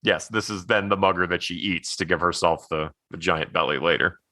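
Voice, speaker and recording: A man's voice: deep voice, steady tone, brisk, bright, forceful tone, dry recording. A man co-hosting a podcast, recapping a movie in casual chat, rambling with lots of "like" and laughing easily. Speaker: podcast co-host.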